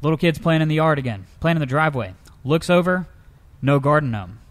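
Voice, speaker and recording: Lively young-sounding man telling funny stories. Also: a little fast. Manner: lively storyteller, jumps into high pitch for characters. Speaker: co-host. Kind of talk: comedic news-story chat.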